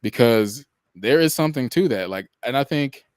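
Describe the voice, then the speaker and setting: A young man co-hosting a podcast, chatting in a relaxed, rambling way with many fillers. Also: medium pitch, moderate pace, clean tone, no echo, clean studio sound. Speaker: podcast co-host. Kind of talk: casual chat.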